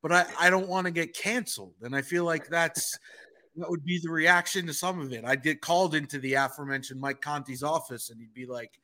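A man's voice: fairly high pitch, fairly even intonation, brisk, sharp tone. A man co-hosting a podcast in casual chat, joking and self-deprecating. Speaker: podcast co-host.

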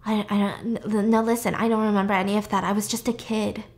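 A woman voicing a young male doctor who stammers, then turns defensive and loud. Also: mid-range voice, flat delivery, fast talker, natural voice. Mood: flustered.

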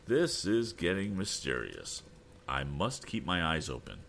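A man voicing a cheerful, quick-witted young male inventor with an eager way of talking. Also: low voice, sing-song, creaky, a bit bright, slight background noise, heavily acted.

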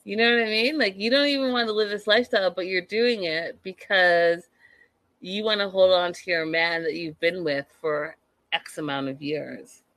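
A woman's voice: fairly low pitch, steady tone, normal speed, fairly bright tone, no echo. A woman chatting casually and sassily to her viewers as she recaps a reality show episode. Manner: chatty, sassy, talks to viewers.

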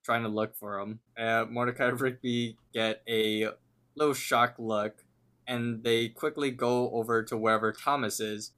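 A man's voice: mid-range voice, steady tone, unhurried, a bit bright. Man casually recapping a cartoon episode. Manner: retells scenes at length, reading lines out. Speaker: podcast co-host.

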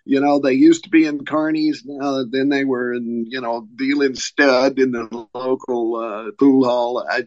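A man's voice: mid-range voice, steady tone, unhurried, hardly any pauses, a little mellow, dry recording. Guy guesting on a podcast, wry, kinda muffled dry audio. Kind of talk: casual chat. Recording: dull, dry sound.

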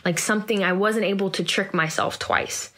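A woman's voice: mid-range voice, fairly even intonation, moderate pace, a bit bright. A young woman actor in an interview, talking candidly and reflectively with many fillers and restarts.

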